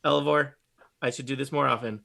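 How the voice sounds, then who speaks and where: A man's voice: medium pitch, fairly even intonation, fairly quick, vocal fry, bright, forceful tone. A man running a tabletop game as game master, chatting playfully and laughing often. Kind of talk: casual tabletop game chat.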